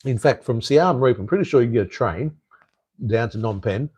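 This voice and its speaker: A man's voice: medium pitch, expressive, brisk, darkish tone, husky, dry recording, poor audio. An Australian man hosting a live stream, chatting casually and bluntly with viewers, rambling and swearing freely.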